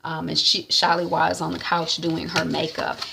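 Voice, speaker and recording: A woman's voice: sits low, little pitch movement, normal speed, creaky, background noise. A woman chattily recapping an episode of a series, acting out the characters as she goes. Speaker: series reviewer. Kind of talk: casual recap of a show.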